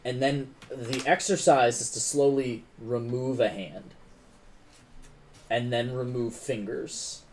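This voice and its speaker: A man's voice: medium pitch, takes it slowly, a little mellow. Casual male game master with a faint hiss. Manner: casual, many fillers like "like" and "um". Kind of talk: narrating a tabletop game.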